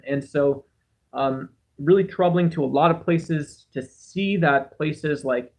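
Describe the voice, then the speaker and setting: Higher-voiced man musing through a livestream. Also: vocal fry. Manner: rambling, musing, self-deprecating. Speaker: livestream host. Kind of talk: casual livestream chat, reading chat aloud. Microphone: cheap home microphone.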